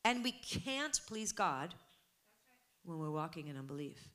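A middle-aged woman pastor delivering a sermon, building from measured teaching to loud, emphatic preaching. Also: low-pitched, big pitch swings. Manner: preaching with rising, emphatic intensity.

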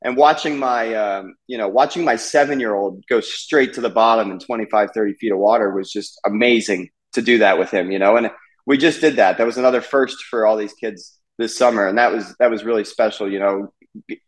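A man's voice: on the low side, brisk, poor audio. A man in his thirties, a race car driver, chatting casually in an interview with many fillers and restarts.

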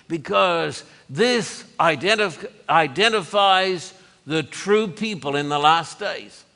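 High bright guy preaching slow and emphatic, long hall echo. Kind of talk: sermon.

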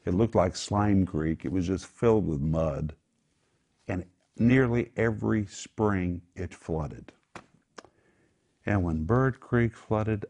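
A man's voice: low-pitched, slow pace, long pauses, a little mellow. A man preaching in an emphatic sermon style, explaining scripture and rising sharply on key words. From United States. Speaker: pastor. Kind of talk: sermon-style Bible teaching.

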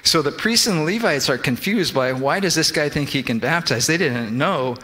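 A man with a little high, sharp-toned voice preaches a sermon at normal speed, animated throughout. He explains scripture in restarting bursts, often quoting the figures he talks about. The church sanctuary gives a long reverb.

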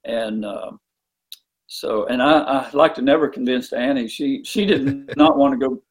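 A middle-aged man, a songwriter, speaking reflectively in an interview with many pauses. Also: mid-range voice, slightly rough. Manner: halting, reflective, many fillers. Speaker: guest.

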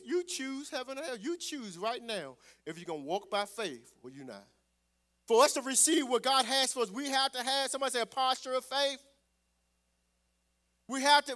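Preaching a sermon, a pastor with a very high voice calls out to his congregation and grows loud whenever he turns to scripture.

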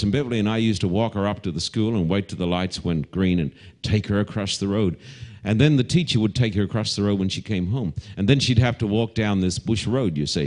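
A middle-aged Australian man preaching a televised sermon to a live congregation as pastor, animated and mixing homely asides and humor into his preaching. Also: on the low side.

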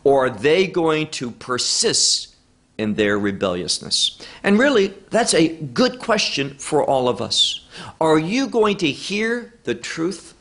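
A male Bible teacher working through a lesson verse by verse. His voice sits slightly high and swings widely in pitch. He speaks slowly and emphatically, posing rhetorical questions. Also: sing-song, fairly bright tone.

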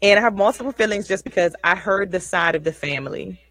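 A woman's voice: mid-range voice, fast talker, fairly bright tone, poor audio. A woman hosting a casual livestream show, chatty and folksy, often repeating herself.

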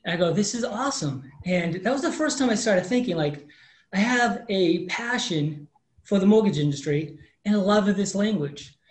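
A man's voice: high-pitched, normal speed. A man in his fifties shares a personal story as a guest in an interview. He tells it with energy and acts out the people he quotes. His voice carries a roomy echo. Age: 50s. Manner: animated storyteller acting out quoted dialogue. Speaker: mortgage professional guest.

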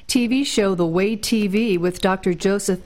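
A woman's voice: mid-range voice, normal speed, a little mellow. A woman hosting a Christian interview, affirming her guest and speaking in faith phrases. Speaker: host.

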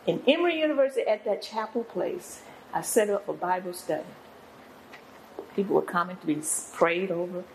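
Older woman, guest pastor; low and gravelly, preacherly storytelling. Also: normal speed, slight background noise, poor audio. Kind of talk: testimony in an interview.

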